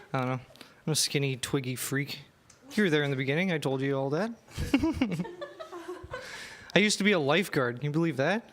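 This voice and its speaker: High-voiced young man doing stand-up. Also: expressive, moderate pace, long pauses, background noise. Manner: self-deprecating, laughing through his lines. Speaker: stand-up comedian and emcee. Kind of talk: stand-up comedy set. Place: comedy club stage.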